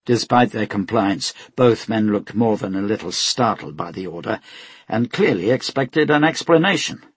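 A man narrating an audiobook in a steady, measured storytelling voice. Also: lowish voice, breathy edge, no echo. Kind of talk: scripted narration.

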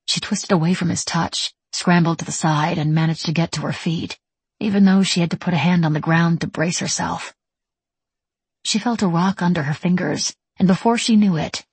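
In scripted audiobook narration, a woman reads in a steady, even storytelling manner. Her pitch is fairly low and slightly rough, and the recording is dry.

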